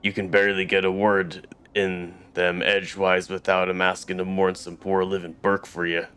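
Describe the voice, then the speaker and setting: Male actor voicing a gruff, folksy local in a computer game, deep monotone, smooth clear tone. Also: moderate pace. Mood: weary folksy. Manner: folksy, drawling dialect. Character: gruff plain-spoken male city local.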